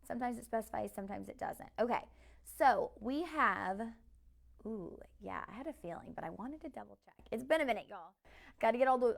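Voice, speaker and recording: Chatty woman host, live shopping pitch, slight vocal fry. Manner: chatty, upbeat, speaks directly to viewers.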